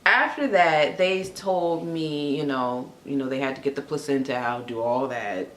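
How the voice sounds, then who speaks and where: A woman's voice: rumbling low, normal speed. Chatty young woman vlogger, echoey room. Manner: chatty, filler-heavy, animated retelling. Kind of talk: casual storytelling vlog.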